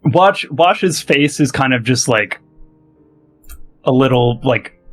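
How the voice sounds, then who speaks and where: A man's voice: mid-range voice, lively intonation, slow pace, a bit bright, soft background music, poor audio. Blunt male player. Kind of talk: tabletop role-play.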